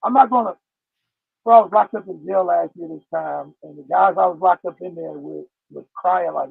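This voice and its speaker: A man with a high, deeply gravelly voice talks bluntly in casual street slang, acting out others in his stories. He sounds husky and dry, squeezed through a tinny, phone-like line. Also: moderate pace, no echo. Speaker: podcast guest. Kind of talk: casual chat. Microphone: no headphones, sounds like phone or distant mic.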